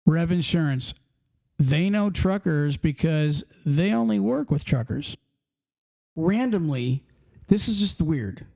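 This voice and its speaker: A man hosts a casual trucking podcast from a studio at his house, joking and rambling. His voice is fairly high yet mellow and warm. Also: animated, takes it slowly, creaky. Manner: loose, joking, rambling with restarts. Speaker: podcast host. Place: home studio.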